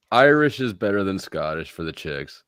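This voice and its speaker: A man's voice: sits low, big pitch swings, unhurried, heavy background noise. A man hosting a live online panel, joking and explaining things in an offhand way. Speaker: host. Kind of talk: casual live panel chat.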